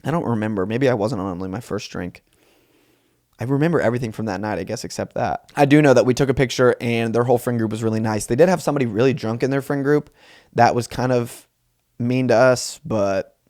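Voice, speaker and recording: A man's voice: mid-range voice, expressive, brisk, darkish tone, dry recording, clean studio sound. A man in his twenties hosting a solo comedy podcast, telling a rambling, self-mocking story with lots of asides. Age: 20s. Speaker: podcast host.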